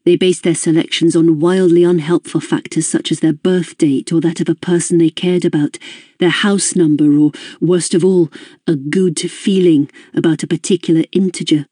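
A woman narrating a first-person audiobook in a measured, introspective way. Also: on the low side, steady tone, mellow, husky, no echo, clean studio sound.

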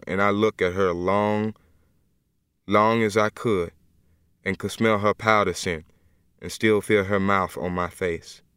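A man reading an audiobook as a humble, gentle young man in jail, speaking slowly and earnestly in plain dialect. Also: lowish voice, clean tone, dry recording, clean studio sound. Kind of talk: audiobook first-person reading.

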